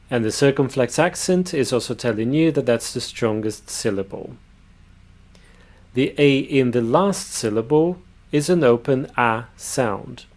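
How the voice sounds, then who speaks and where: A man giving a pronunciation lesson, sounding out words slowly and carefully. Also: medium pitch, a little mellow. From Brazil. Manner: slow, careful demonstration of words. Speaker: language teacher.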